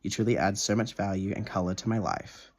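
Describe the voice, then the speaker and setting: A man's voice: lowish voice, brisk, a little mellow. A young man in a casual video diary, gushing over a gift and swearing freely, stumbling as he reads a letter aloud at home. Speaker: vlogger.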